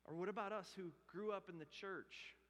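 A male pastor preaching a sermon, rising to loud emphatic bursts and dropping to hushed, earnest pleading. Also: sits high, normal speed. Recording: long hall reverb.

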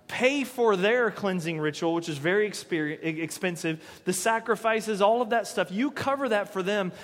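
A man preaches to his congregation in an animated way, sometimes shouting out the lines of the people in his story. His voice sits high for a man. A long reverb from the large church hall trails behind him. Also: moderate pace, few pauses. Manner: animated, acts out quoted voices loudly. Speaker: pastor. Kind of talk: sermon.

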